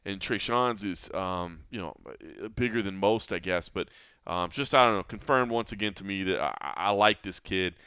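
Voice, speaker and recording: A man's voice: deep voice, moderate pace, bright, forceful tone, smooth, dry recording. A man hosting an MMA podcast, talking in an earnest, reflective way with frequent restarts. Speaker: podcast host. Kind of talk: casual MMA podcast talk.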